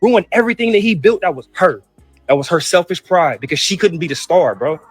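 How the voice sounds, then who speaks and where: Man, high voice, fast, heated profane rant, repeats himself, faint music behind. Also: lively intonation, breathy edge, dry recording. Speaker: brother in a family feud clip. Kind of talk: emotional rant.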